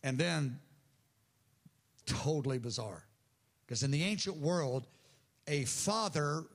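A man preaching with lively, animated storytelling, his voice sitting a little high for a man. He walks through a parable verse by verse and slips in quick voices for its people. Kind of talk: sermon.

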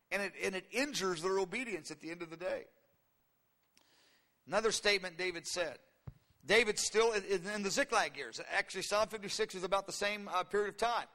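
A man in his fifties preaching a sermon in an animated way, acting out voices in the story with sudden leaps in pitch. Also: long reverb tail. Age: 50s.

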